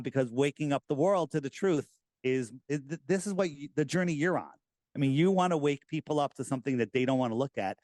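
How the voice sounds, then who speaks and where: A middle-aged American man talking casually in an interview, animated and rambling, with many restarts. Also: medium pitch, no echo. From United States. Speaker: podcast host, guest.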